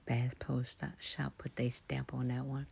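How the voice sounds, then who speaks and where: A woman hosting a soft-spoken ASMR walkthrough of a big store, half-whispering product labels, repeating words and making chatty asides to viewers. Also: rumbling low, flat delivery, a little slow, vocal fry, slightly rough. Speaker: ASMR channel host. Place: large indoor outdoor-goods store.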